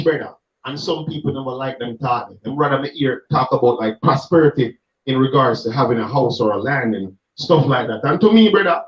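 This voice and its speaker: Emphatic Jamaican man, echoey and distant. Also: fairly high pitch. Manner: emphatic, preachy, speaks in patois. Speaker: street gospel minister. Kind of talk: passionate reasoning conversation. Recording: echoey, distant, muffled sound.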